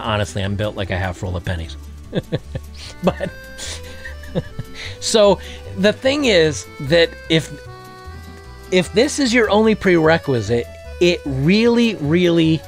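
Male vlog host, mid-pitched, crude self-amused banter, faint music under. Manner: crude, joking, laughs at his own jokes. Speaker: dating commentary vlogger. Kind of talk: casual monologue.

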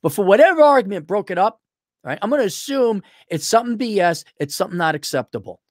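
A man's voice: quick pace, no echo, studio quality. Brash, mocking man giving blunt advice. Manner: brash and mocking, lively swoops in pitch. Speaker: advice show host. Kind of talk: blunt paid advice rant.

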